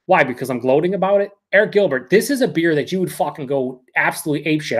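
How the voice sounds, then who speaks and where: A man hosting a live beer review, ranting excitedly with plenty of swearing and reading viewer comments aloud. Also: fairly high pitch. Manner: excited, profane and rambling. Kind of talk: casual live-stream rant.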